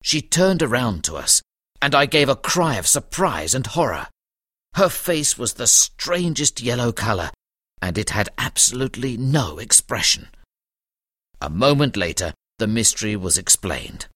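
A man narrating a detective story as the detective's companion, in an expressive storytelling manner. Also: medium pitch, measured pace, no echo, studio quality. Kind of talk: audiobook narration.

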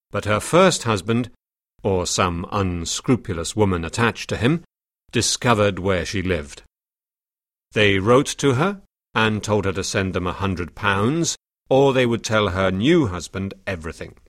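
An actor playing a detective who calmly lays out his theory of a case in an audiobook drama. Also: on the low side, dry recording, clean studio sound. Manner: measured, explanatory. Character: calm, reasoning detective explaining a theory.

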